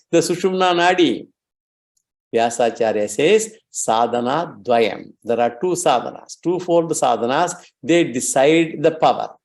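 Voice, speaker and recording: Guy lecturing on scripture, kinda high voice, slow careful explaining. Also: darkish tone. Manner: slow, measured explaining of Sanskrit terms. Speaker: scripture teacher. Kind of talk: religious lecture.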